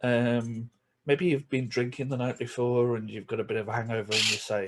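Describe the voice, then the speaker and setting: A man's voice: medium pitch, flat delivery, very noisy. Chatty Yorkshire man vlogging. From England. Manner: chatty, chuckles between remarks, breaks into quick asides. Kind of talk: casual chat to camera.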